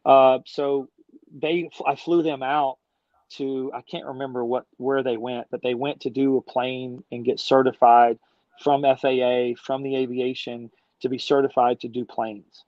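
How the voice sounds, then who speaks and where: A man's voice: medium pitch, little pitch movement, unhurried, dry recording. Enthusiastic middle-aged man, dull dry audio. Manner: enthusiastic storyteller, slangy and rambling. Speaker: guest, business founder. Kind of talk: casual interview chat.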